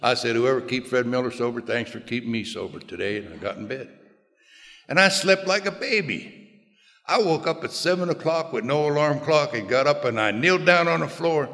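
An older man telling a plainspoken personal recovery story to a group, in a folksy way with quiet low asides. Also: a little fast. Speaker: recovery speaker. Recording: long hall reverb.

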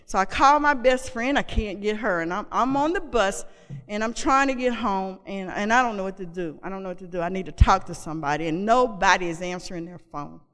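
Woman, mid-pitched, sharing a candid personal story in a large echoing hall; conversational, repeats herself. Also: a little fast, a bit bright. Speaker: speaker sharing her recovery story. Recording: long reverb of a large hall.

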